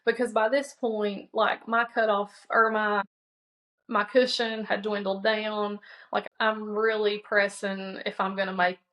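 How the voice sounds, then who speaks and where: A woman's voice: medium pitch, level tone, unhurried, a bit bright, low-quality recording. A woman, a guest on a podcast, telling a personal story in a conversational way and acting out what she and others said. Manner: conversational, many fillers and restarts; quotes herself and others in dialogue.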